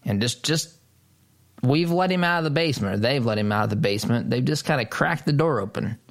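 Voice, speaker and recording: A man's voice: medium pitch, lively intonation, brisk. Guy ranting on his commentary show, repeats stuff for emphasis, sounds like he can't believe it. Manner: emphatic, incredulous, repeats phrases for stress. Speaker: political commentator hosting a show. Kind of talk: opinion commentary monologue.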